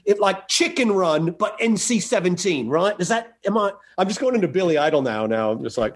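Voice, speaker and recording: A man's voice: high-pitched, sing-song, a little fast, hardly any pauses, breathy edge. A man in casual comedic podcast chat, rambling and riffing with frequent swearing. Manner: rambling, riffing, profane, laughs a lot. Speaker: podcast co-host.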